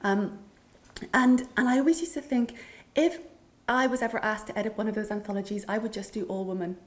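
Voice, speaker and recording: A woman's voice: medium pitch, brisk. A middle-aged woman writer from Northern Ireland speaking reflectively at a literary event, with frequent ums and restarts. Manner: thoughtful, many ums and restarts, storytelling. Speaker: writer and anthology editor.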